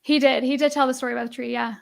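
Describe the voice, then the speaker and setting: A woman's voice: high voice, steady tone, rapid-fire, vocal fry. A woman co-host telling a story in casual podcast chat, rambling with many restarts. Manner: rambling, lots of likes and restarts.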